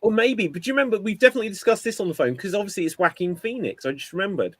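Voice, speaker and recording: A man co-hosting a casual podcast chat, telling an animated story and acting out quotes. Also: high voice, rapid-fire, slightly rough, no echo. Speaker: podcast co-host.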